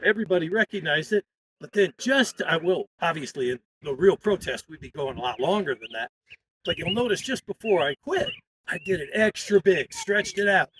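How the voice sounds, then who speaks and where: A man's voice: high-pitched, fairly bright tone, recorded from a distance, slight background noise, low-quality recording. A man explaining in an upbeat way how to lead protest chants, in an instructional talk.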